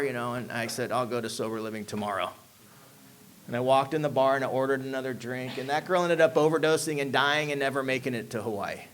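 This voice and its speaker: A man's voice: on the high side, fairly bright tone. Emphatic man telling his recovery story. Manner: emphatic storyteller, drops frequent "man" and "you know what I'm saying". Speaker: speaker sharing a recovery story. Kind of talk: personal testimony talk to an audience.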